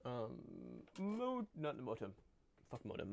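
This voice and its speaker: A man streaming live, musing aloud and muttering to himself with halting restarts as he builds a character. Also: fairly high pitch, big pitch swings. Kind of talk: musing aloud while looking things up.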